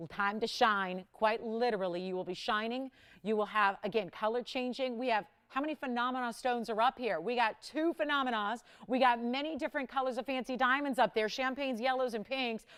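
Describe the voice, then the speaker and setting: A woman with a fairly high, smooth and resonant voice runs a live jewelry sale on television. She keeps up a brisk, upbeat sales patter, talking straight to viewers. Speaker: shopping channel host.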